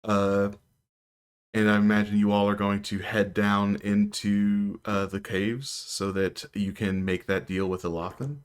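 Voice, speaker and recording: A man narrating as game master of a tabletop game, in a calm, measured way. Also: fairly low pitch, clean tone.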